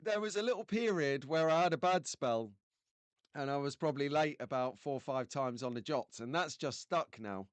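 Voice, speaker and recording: A man's voice: a little high, moderate pace, smooth, dry recording. A man from England hosting a casual live stream, chatty and jokey, greeting viewers by name.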